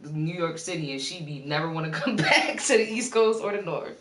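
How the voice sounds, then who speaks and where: A woman's voice: low voice, animated, a little fast. A woman from Maryland chatting casually on a livestream, teasing and laughing often. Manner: loose, teasing, laughs often, reads chat aloud. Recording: echoey room, far from mic, faint noise.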